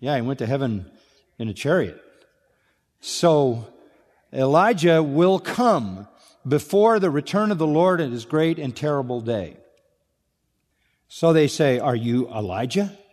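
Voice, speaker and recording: A man's voice: on the high side, animated, measured pace, long pauses, darkish tone. A man preaching an expository sermon, emphatic and repetitive, firing off rhetorical questions to his listeners. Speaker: pastor. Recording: long hall reverb.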